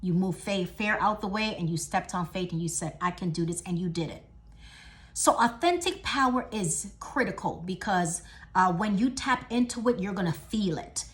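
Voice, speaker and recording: A middle-aged woman giving a motivational talk, emphatic and repetitive, swinging from loud declarations to hushed lines. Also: on the low side, expressive, moderate pace. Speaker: motivational speaker.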